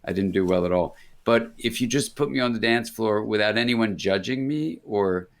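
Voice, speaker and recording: Older American man, lowish voice, rambling storyteller who breaks off mid-sentence and acts out quoted voices in a casual interview. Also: normal speed. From United States. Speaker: interview guest, psychiatrist.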